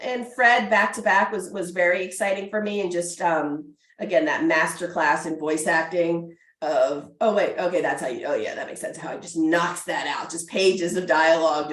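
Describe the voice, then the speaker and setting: A woman recalling a recording session with excited, halting speech. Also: fairly low pitch, recorded from a distance. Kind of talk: casual reflection. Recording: echoey room, away from mic.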